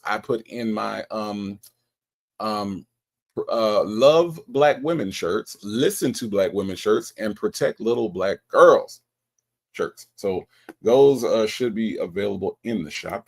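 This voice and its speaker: A man hosting a livestream, commenting on call recordings in a confrontational, drawn-out manner. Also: lowish voice, vocal fry. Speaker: livestream host.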